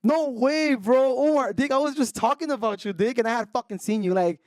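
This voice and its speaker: Fast-talking young man. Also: extremely high pitch, no echo, clean studio sound. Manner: profane slang-heavy, mixes Spanish and English. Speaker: podcast co-host. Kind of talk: casual storytelling chat.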